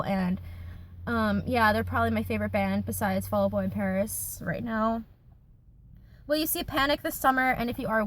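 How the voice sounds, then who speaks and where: A woman in her twenties, chatting casually in a Q&A vlog from her car, with lots of fillers and giggles. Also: a little high. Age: 20s. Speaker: YouTuber.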